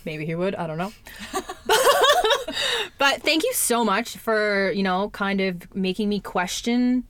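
A woman's voice: medium pitch, animated, moderate pace, a bit bright, dry recording. Candid young woman chatting, dry sound. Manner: candid, chatty, fillers and swearing. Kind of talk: casual personal chat.

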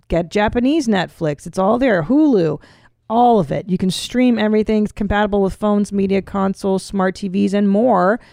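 A woman's voice: medium pitch, normal speed, vocal fry, dark tone, no room sound, studio quality. A woman in her forties co-hosting a comedy podcast, chatty and teasing, reading an ad and laughing easily in banter. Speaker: podcast co-host. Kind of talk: casual podcast chat and host-read ad.

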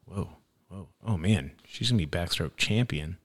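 A young father chatting casually with his little daughter in a playful, gentle, teasing way. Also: sits low, expressive, moderate pace, slight background noise.

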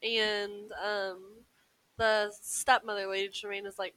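A woman's voice: medium pitch, level tone, sharp tone, clear, resonant tone, poor audio. A woman co-hosting a podcast in casual chat, talking loosely and laughing often. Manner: chatty, laughs often, quotes characters in quick put-on voices. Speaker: podcast co-host.

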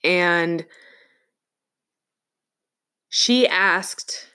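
A woman in casual conversation, telling a personal story in an earnest, reflective way with halting pauses. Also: on the low side, pushed and bright, clean tone.

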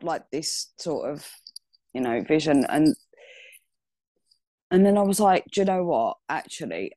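A woman from the UK speaks slowly in a low voice as a podcast guest. She hesitates often and restarts her sentences. The sound is dry and close. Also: mellow, dry recording. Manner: hesitant, many ums and restarts. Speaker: guest artist. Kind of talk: casual interview chat.

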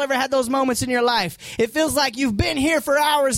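A man preaching a sermon as pastor, animated and acting out voices from the story. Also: very high voice, brisk, no room sound.

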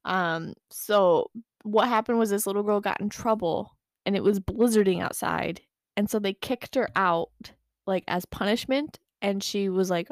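A woman's voice: medium pitch, unhurried, no echo, clean studio sound. A young woman from Michigan co-hosting a casual podcast, reading ghost stories, laughing often and swearing casually. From Michigan, USA. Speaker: podcast co-host.

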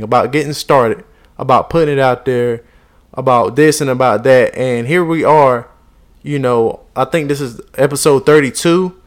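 A man hosting his own motivational podcast, talking in an earnest, rambling way with many restarts and repeats. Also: mid-range voice. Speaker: podcast host. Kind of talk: motivational monologue.

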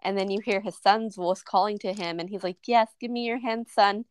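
A woman's voice: mid-range voice, steady tone, brisk, no echo. A woman co-hosting a podcast, casually recapping a horror movie scene by scene with lots of "um" and "like". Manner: recaps scenes at length with many fillers. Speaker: podcast co-host. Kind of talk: casual movie review chat.

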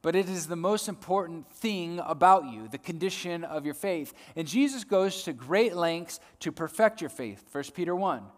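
A male preacher giving a sermon, swinging between loud emphasis and soft hushed lines, often repeating words as he builds a point. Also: fairly high pitch, lively intonation, moderate pace, few pauses. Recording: long hall reverb.

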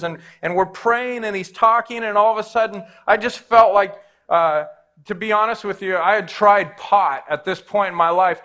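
A man's voice: high voice, sharp tone. Earnest, casual male preacher. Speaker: pastor. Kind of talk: sermon testimony.

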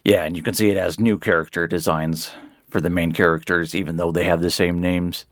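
A man's voice: sits low, little pitch movement, a little fast, dry recording, studio quality. A man hosting a casual podcast, laid back and hesitant with many ums and uhs. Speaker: podcast host.

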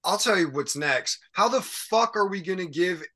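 A man's voice: high voice, expressive, normal speed, sharp tone. A man ranting in casual podcast chat, exasperated and profane. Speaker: podcast guest.

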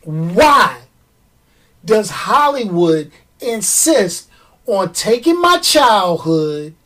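A middle-aged woman hosting a movie show, ranting in animated, slangy film commentary and stretching words for emphasis. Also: medium pitch, extremely slow, recorded from a distance.

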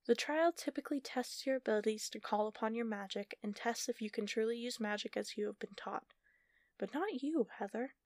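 A woman's voice: fairly high pitch, brisk, a little mellow, no room sound, lightly acted. A woman narrator voicing a scornful, mocking sorceress with a dry, taunting delivery.

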